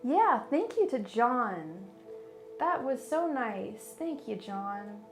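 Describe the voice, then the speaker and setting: A woman's voice: fairly high pitch, very animated, takes it slowly, soft background music. A woman doing a casual livestream as a tarot reader, talking in a bubbly, gushing, giggly way with lots of fillers.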